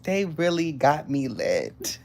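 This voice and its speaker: A woman, hosting a casual livestream and chatting excitedly with viewers. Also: deep voice, takes it slowly. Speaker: livestream host.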